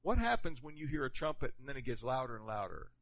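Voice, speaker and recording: A man preaching a sermon in an animated, conversational way, asking the congregation questions. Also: medium pitch, fast talker. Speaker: pastor. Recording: dull lo-fi sound.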